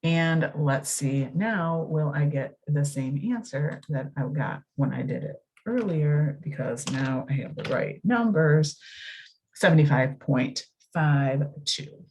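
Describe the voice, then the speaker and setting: A woman's voice: low voice, expressive, unhurried, few pauses, darkish tone. A woman, working through a recorded math lesson, chatty and thinking aloud as she corrects herself. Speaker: math teacher.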